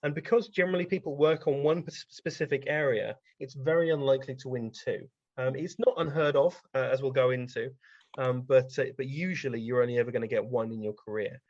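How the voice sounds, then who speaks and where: A man's voice: medium pitch, fairly even intonation, fairly quick, a little mellow, no echo. A man, a guest on an interview show, telling anecdotes in a casual, rambling way with frequent ums. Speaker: guest science writer. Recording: dry, slightly dull podcast audio.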